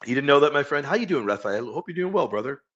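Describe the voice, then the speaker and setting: Lively bright-voiced male streamer. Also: a little high, fast talker, lo-fi sound. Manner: enthusiastic, thanks viewers, reads quotes aloud. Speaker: host of a live stream. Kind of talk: casual live-stream chat.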